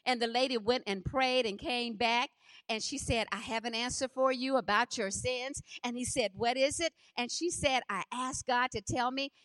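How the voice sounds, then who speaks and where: A middle-aged woman preaching a sermon, impassioned and repetitive, swinging from hushed to loud. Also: fairly high pitch, moderate pace.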